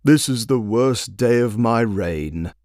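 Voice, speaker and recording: A man's voice: medium pitch, expressive, slow pace, darkish tone, no room sound. Guy doing a lazy clueless king, blustery, voice jumping all over, dry sound. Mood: blustering. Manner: blustering, easily flustered. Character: idle, pompous, dim-witted male king.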